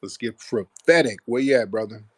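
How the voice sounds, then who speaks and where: A man's voice: medium pitch, normal speed, husky, dry recording. A man hosting a call-in talk show, laughing and cursing as he mocks what he talks about. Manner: laughing, profane, mocking. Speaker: show host.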